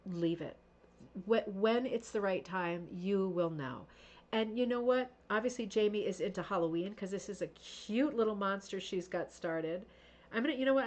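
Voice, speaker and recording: A woman's voice: mid-range voice, darkish tone. Chatty, gushing woman livestream host. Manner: chatty and gushing, with many fillers and asides. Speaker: host of a craft show livestream. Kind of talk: casual livestream chat.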